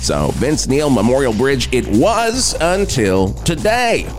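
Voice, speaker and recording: A man playing an excitable male radio traffic reporter who shouts and swears in improvised radio comedy. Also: medium pitch, slow pace, over music. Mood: agitated. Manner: shouty, profane, exclaiming.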